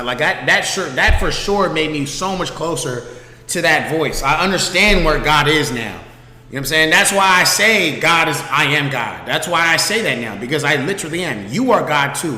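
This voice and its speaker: On his own stream, a man with a sharp-toned, slightly high voice tells a story in a casual, animated way, swearing freely and often checking that the listener is with him. The room is echoey with long reverb.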